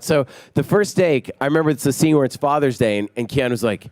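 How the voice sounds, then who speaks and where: A male film director in an interview, spilling out anecdotes with energy and slipping into other people's voices as he goes. His pitch sits in an ordinary middle range, and the sound is close and dry. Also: fast, hardly any pauses, clean tone, dry recording. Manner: energetic anecdotes, acting out quotes. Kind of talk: animated storytelling in an interview.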